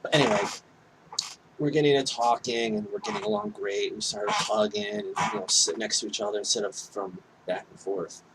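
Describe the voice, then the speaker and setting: A man's voice: lowish voice, a little fast, very noisy. A man telling a personal story on his video channel in a rambling, candid way, full of asides and apologies. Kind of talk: casual storytelling monologue.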